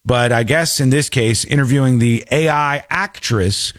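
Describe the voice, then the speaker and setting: A man's voice: medium pitch, normal speed, a bit bright, no echo. A man hosting a commentary show, reacting sarcastically and mockingly to a news clip. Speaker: host.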